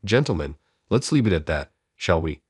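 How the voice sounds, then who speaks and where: A man voicing a calm older woman who runs a bar, speaking in a pleading tone. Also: deep voice, moderate pace, breathy edge, no echo, studio quality, heavily acted.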